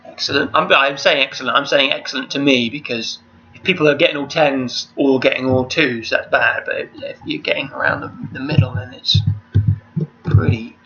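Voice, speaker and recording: A man's voice: medium pitch, steady tone, normal speed, bright, forceful tone. A man hosting a charity quiz over a video call, chatty and rambling, reading out each question twice. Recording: dull lo-fi call audio.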